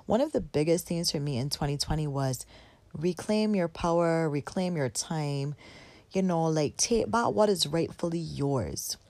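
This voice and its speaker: A woman with a deep, low voice delivers an animated motivational talk to her viewers. She is emphatic and drives points home by repeating words. The sound is dry and close, with no room echo. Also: a little slow. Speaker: motivational vlogger.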